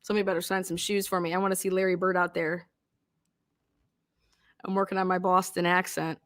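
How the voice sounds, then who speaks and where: A woman hosting a true crime livestream, ranting casually and loudly with a lot of swearing. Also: lowish voice, fast, long pauses. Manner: rowdy, swearing, animated. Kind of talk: casual profane livestream rant.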